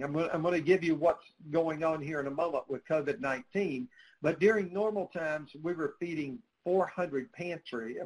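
A man's voice: a little high, darkish tone, low-quality recording. A man speaking for a nonprofit in a conversational interview, earnest and storytelling, with frequent "uh" fillers. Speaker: nonprofit spokesperson.

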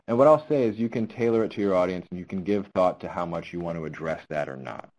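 A man's voice: sits low, darkish tone, low-quality recording. A man and linguistics researcher giving a conversational webinar talk on public speaking, explaining with frequent ums and restarts. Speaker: speech presenter and linguistics researcher.

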